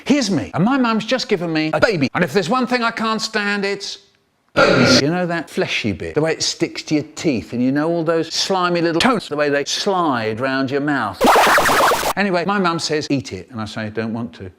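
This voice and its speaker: A man telling a spliced comic story in a lively, singsong storyteller's way. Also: on the high side, normal speed, a little hiss or hum.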